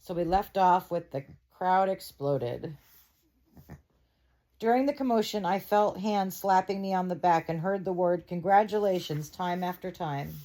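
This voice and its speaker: A woman's voice: lowish voice, measured pace, mellow. A woman reading a novel aloud to her viewers at home, with chatty asides. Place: bedroom at home.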